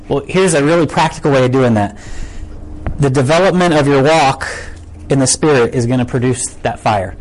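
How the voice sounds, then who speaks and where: A man's voice: a little high, lively intonation, brisk, poor audio. A man preaching a casual sermon, conversational and full of rhetorical questions. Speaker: pastor.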